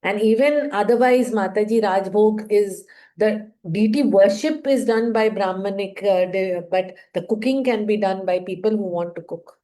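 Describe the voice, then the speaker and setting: A woman in a scripture class responds to the teacher with a mid-pitched, mellow, warm voice. She speaks earnestly and politely, with frequent fillers as she gathers her thoughts. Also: moderate pace, poor audio. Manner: earnest, uses polite address, trails into fillers. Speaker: class participant. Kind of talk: conversational discussion.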